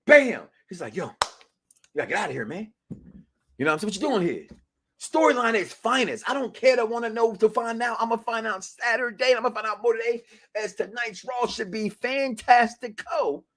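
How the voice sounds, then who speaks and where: A man hosting a wrestling talk podcast, talking loosely in slang, jumping between excited shouts and muttered asides. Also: high voice, normal speed. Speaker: podcast host.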